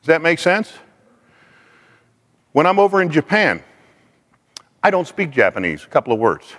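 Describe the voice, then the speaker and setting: A man giving a faith-based teaching talk in a lively, conversational way, acting out quoted speech. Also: fairly high pitch, normal speed, in a large hall.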